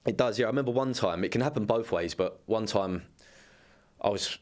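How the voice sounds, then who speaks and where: A man's voice: fairly low pitch, fairly quick, a little mellow. A young man telling rambling football anecdotes in casual chat, swearing freely. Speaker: former footballer guest.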